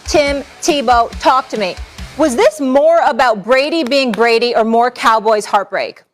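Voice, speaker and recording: A woman's voice: on the high side, measured pace, faint music behind. A woman hosting a sports talk show, welcoming guests and moving the segments along in a playful, upbeat way. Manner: bright, upbeat, playful teasing.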